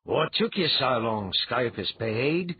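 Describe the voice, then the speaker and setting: A man's voice: medium pitch, expressive, measured pace, phone-quality sound, slight background noise, pitched above the performer's own voice, close to an everyday voice. A man voicing an anxious senior male priest in an audiobook, fretful and easily alarmed. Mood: wry. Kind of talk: audiobook character voice.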